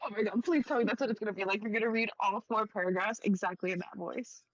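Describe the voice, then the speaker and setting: A woman at an online tabletop game, chatting in a giggly, excitable way and tossing out swear words. Her voice sits at a middle pitch and sounds dry and close, with no room around it. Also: fast talker, no echo, dull audio. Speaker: player. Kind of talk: casual chat during an online tabletop game.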